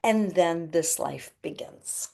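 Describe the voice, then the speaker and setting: A woman's voice: on the low side, takes it slowly, gravelly, mellow. A middle-aged woman, a healer and podcast guest, telling a spiritual story in an earnest way and acting out the voices in it.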